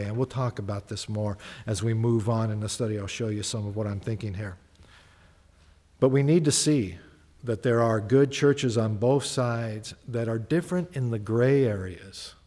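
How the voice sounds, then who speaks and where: A man, a pastor, preaching a sermon in a conversational, animated way, often acting out little exchanges of dialogue. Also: medium pitch, in a large hall.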